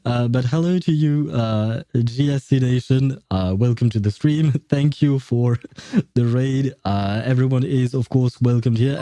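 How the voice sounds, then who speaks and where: A man greets his viewers in a casual live-stream chat, rambling and hesitant, with fillers and frequent chuckles. His voice is very dark and mellow at a middling pitch. It sounds dry and close on a desk mic. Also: no echo. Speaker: game streamer.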